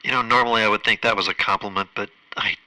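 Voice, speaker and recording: A man hosting a comedy radio sketch, deadpan, sarcastic and exasperated. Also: lowish voice, fast talker, no echo, poor audio. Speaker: host.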